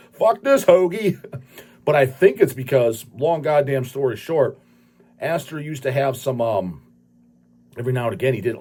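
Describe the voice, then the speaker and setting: A man's voice: medium pitch, a little mellow, breathy edge. A man hosting his own channel, ranting casually in a rambling, profane way and laughing often. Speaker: channel host.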